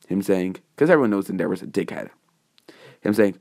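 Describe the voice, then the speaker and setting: A man telling a fan story off the cuff, wandering through his sentences and correcting himself as he goes. His voice sits on the low side and the tone stays casual and unscripted. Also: brisk, mellow. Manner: rambling, with fillers and self-corrections. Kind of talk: casual improvised narration.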